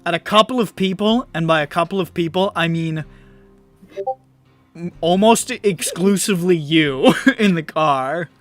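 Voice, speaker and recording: A man's voice: fairly high pitch, unhurried, a bit bright, faint music behind. A man acting as game master of a tabletop game, playful and laughing as he narrates. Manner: playful, laughing, spouting nonsense words.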